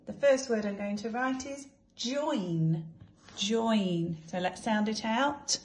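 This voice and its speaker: Woman, infant school teacher, very slow deliberate delivery, sounds out letters clearly for small children. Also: a little high, darkish tone. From England. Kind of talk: slow phonics lesson for young children.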